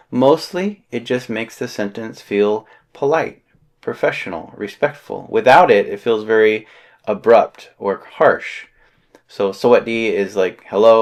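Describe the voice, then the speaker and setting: A man teaching a beginner language lesson in a relaxed, explanatory way, with frequent fillers. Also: lowish voice. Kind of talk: casual spoken lesson.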